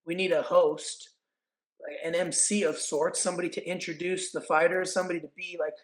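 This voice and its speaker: A man in his forties from California, a guest telling stories in casual chat, acting out quotes with animated energy. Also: sits high, fairly quick, poor audio. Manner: animated, acts out quotes and announcer calls. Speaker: podcast guest, actor and event announcer. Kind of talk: casual storytelling.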